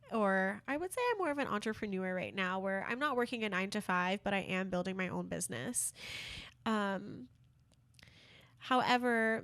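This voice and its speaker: A woman's voice: medium pitch, fairly bright tone, dry recording. A young woman hosting a podcast, telling a personal story in an earnest, heartfelt way with casual fillers. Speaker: podcast host.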